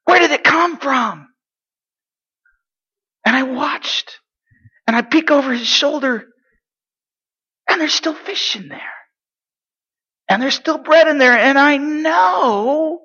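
A man playing an eager eight-year-old boy from Galilee in a dramatic first-person monologue, chatty and excitable, sometimes dropping to hushed asides. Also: extremely high pitch, heavily acted. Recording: dull lo-fi recording.

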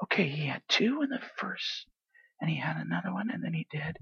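A man playing an eager eight-year-old boy from Galilee in a dramatic first-person monologue, chatty and excitable, sometimes dropping to hushed asides. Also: on the high side, brisk, creaky, slightly rough, full character voice. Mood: wide-eyed excitement. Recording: dull lo-fi recording.

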